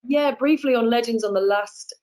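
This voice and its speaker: A woman, an actress guest chatting in a relaxed, friendly way over a video call. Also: on the high side, normal speed, low-quality recording. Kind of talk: casual interview chat.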